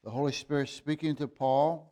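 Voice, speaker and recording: A man preaching a sermon, reading scripture aloud and explaining it in a halting way, with fillers and restarts, rising to emphatic bursts. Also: a little high, fairly even intonation, warm tone. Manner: reads scripture in old-fashioned wording.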